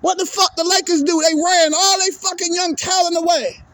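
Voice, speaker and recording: A man's voice: extremely high pitch, steady tone, normal speed, fairly bright tone, no room sound. A man giving an angry, profane sports rant to his viewers, exasperated and repeating himself. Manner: profane, exasperated, repetitive ranting. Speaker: vlogger.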